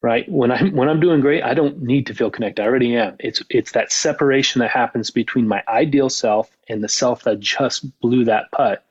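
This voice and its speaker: Calm husky man guiding reflection. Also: mid-range voice, normal speed, hardly any pauses, no room sound, lo-fi sound. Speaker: golf mental coach, author. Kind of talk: guiding a mindfulness exercise on a podcast.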